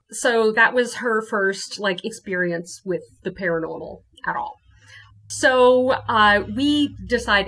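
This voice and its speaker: A woman from New Orleans, a guest telling her ghost story in casual, animated talk. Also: mid-range voice, slow. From New Orleans, USA. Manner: animated, acts out her own quotes.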